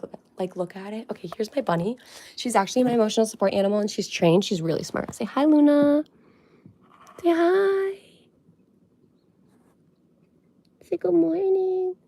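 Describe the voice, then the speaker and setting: A woman's voice: medium pitch, darkish tone. A young woman chatting on a casual livestream from her family home, out of breath, rambling with lots of "like" and baby talk to her pets.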